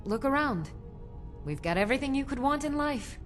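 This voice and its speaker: A welcoming fantasy shopkeeper. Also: female voice, high-pitched, lively intonation, normal speed, soft background music. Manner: welcoming sales patter. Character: friendly female general-goods shopkeeper in a fantasy game. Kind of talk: video game dialogue.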